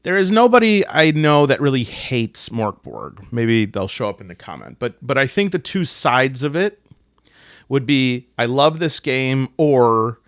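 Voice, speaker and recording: American guy rambling about tabletop games, self-deprecating jokes, middle pitch, dry close mic. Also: very animated, a little slow, no echo. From United States. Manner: joking, self-deprecating, puts on silly voices for quotes. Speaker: solo tabletop gaming host. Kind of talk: casual chat to camera.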